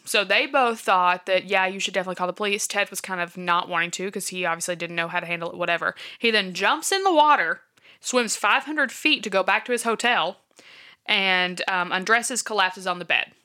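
A woman's voice: medium pitch, moderate pace, sharp tone. A woman casually retelling a true-crime case from her notes, with many fillers like "um" and "like". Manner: chatty, filler-heavy, checks her notes. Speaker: podcast co-host.

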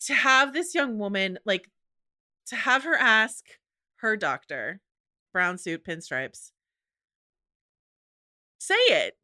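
A woman co-hosting a podcast in casual chat, animated and emotional, swearing freely. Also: mid-range voice, slow pace, no room sound, studio quality. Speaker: podcast co-host.

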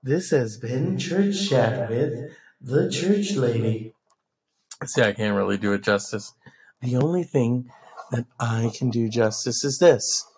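A man's voice: mid-range voice, lively intonation, slow pace, darkish tone, a little hiss or hum. A young adult man hosting a podcast, chatting casually and playfully, swearing freely between impressions. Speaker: podcast host. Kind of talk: casual comedic chat.

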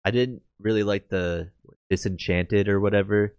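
A young man co-hosting a podcast, easygoing and hedging as he gives his views. His voice sits very low. The recording is dry and close. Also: fairly even intonation, normal speed, darkish tone, smooth, dry recording. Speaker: podcast co-host. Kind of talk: casual chat.

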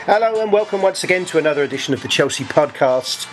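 A man's voice: on the high side, animated, fast talker, music in the background. A man hosting a football podcast, chatting casually with lots of fillers and restarts. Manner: hesitant, full of fillers and restarts. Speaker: podcast host. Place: on holiday, speaking remotely.

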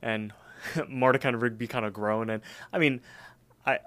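A man's voice: mid-range voice, steady tone, moderate pace, fairly bright tone. A man co-hosting a podcast, casually recapping an episode in a rambling way with lots of "like" and "um". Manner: rambling, filler-heavy retelling. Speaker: podcast co-host.

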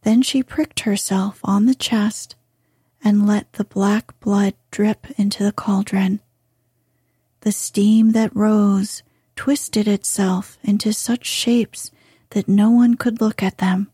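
A woman reading a fairy tale aloud in a soft, hushed whisper. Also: mid-range voice, steady tone, slow, breathy edge, no room sound, studio quality.

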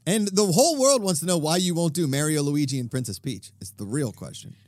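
A man's voice: a little high, animated, a little fast, a little mellow, no room sound, clean studio sound. A man in his thirties co-hosting a podcast, talking in a playful, joking way. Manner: playful, jumps between jokes and bits. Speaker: podcast co-host. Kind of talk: casual chat.

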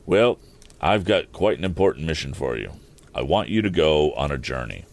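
A man's voice: extremely low pitch, very animated, moderate pace, vocal fry, voice pushed down, exaggerated voice. A man as a cautious, earnest father-inventor. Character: worried middle-aged male inventor, cautious father.

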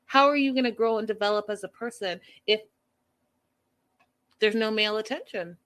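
A woman's voice: medium pitch, moderate pace, fairly bright tone. A woman hosting a reaction show in casual commentary, speaking emphatically and with exasperation, repeating her points.

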